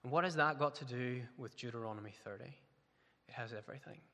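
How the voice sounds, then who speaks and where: Male pastor, crisp bright tone, sermon in a reverberant church hall. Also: medium pitch, quick pace. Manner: earnest, building to emphatic peaks.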